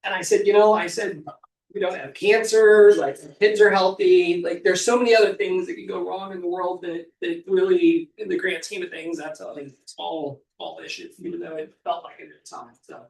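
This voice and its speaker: A man leading a real estate team meeting, upbeat and quick with praise, often repeating himself. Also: high-pitched, fairly even intonation, gravelly. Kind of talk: group meeting, leading a sharing round. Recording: echoey room, mic far off.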